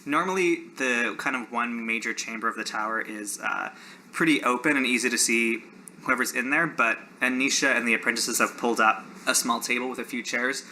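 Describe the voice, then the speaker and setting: A man narrating a tabletop game as game master in a relaxed, loose, chuckling way. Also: medium pitch, a little hiss or hum, poor audio.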